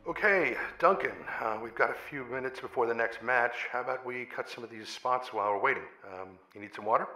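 A man's voice: mid-range voice, a little fast, sharp tone, echoey room, faint music behind, natural voice, rough recording. A man playing a hesitant, stammering male recording engineer who politely corrects the talent.

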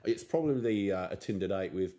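A man's voice: low-pitched, animated, fast, warm tone. A man in his sixties co-hosting a comedy podcast, trading playful jokes in casual banter. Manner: playful, jokey banter with lots of restarts. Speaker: podcast co-host.

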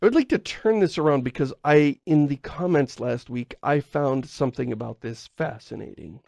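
A playful American man co-hosting a podcast, with a gravelly, fry-edged voice. The sound is close and dry, with no room around it. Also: a little high, normal speed, no room sound. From United States. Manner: lively, playful, loves doing character voices. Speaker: podcast co-host. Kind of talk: casual chat.

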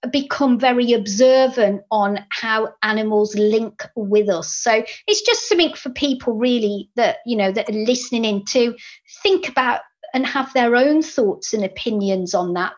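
A woman guest, a psychic, speaking in a reflective, affirming way in casual conversation. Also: on the high side. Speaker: psychic and animal communicator guest. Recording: dull, lo-fi remote audio.

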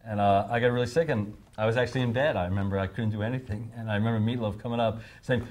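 A man's voice: medium pitch, fast talker. A man in his fifties being interviewed, telling anecdotes and acting out quotes in raised voices, laughing often. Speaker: songwriter interviewee.

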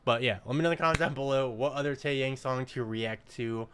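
A man hosting a casual music video reaction, excitable and slangy, often bursting into hyped exclamations. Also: medium pitch, brisk, a little hiss or hum. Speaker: reaction channel host. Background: faint music.

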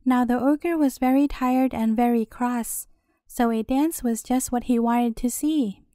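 Gentle woman reading a bedtime story. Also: on the high side, steady tone, a little slow, no echo, clean studio sound.

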